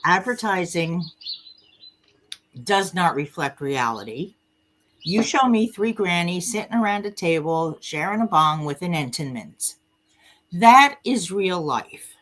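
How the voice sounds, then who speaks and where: A woman's voice: on the low side, measured pace. A woman, a guest speaking bluntly and candidly in a casual podcast conversation. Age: 60s. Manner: blunt, candid, lively storyteller.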